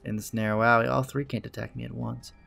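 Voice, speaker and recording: A man's voice: medium pitch, level tone, fast talker, vocal fry, a bit bright, faint music behind. A man hosting a let's play, reading a visual novel's narration aloud in a dry, wry manner.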